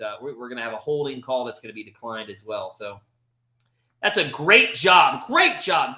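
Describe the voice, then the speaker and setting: A man's voice: on the high side, reverberant. A man hosting a live watch party, calling the plays as a frustrated fan and breaking into exasperated outbursts. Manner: frustrated, animated, swings from calm play calls to exasperated outbursts. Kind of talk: live play-by-play fan commentary.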